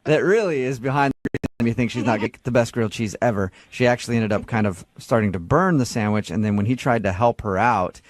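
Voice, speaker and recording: A man's voice: medium pitch, quick pace, few pauses, no echo, studio quality. A man hosting a morning radio show, bantering and teasing with an upbeat delivery. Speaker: radio host. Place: radio studio.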